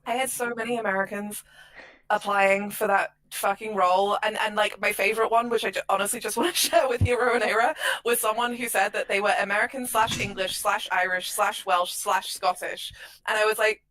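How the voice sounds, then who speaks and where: A woman's voice: mid-range voice, fairly quick, poor audio. A woman guest on a podcast, an audio drama producer, telling stories in casual chat and acting out quotes. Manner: animated storyteller, acts out quotes.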